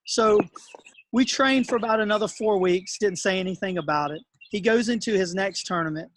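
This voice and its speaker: A middle-aged man, a tennis coach and host, telling a personal story in a relaxed, earnest way and acting out the dialogue. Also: high voice, moderate pace, slight background noise.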